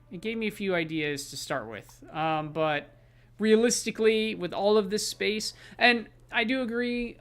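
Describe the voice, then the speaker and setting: A man talks over a game stream in a relaxed, rambling way, stopping and restarting as he goes. His voice is fairly high and has a gravelly edge, with faint game music running underneath. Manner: rambling, chatty, many fillers. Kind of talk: casual game stream commentary.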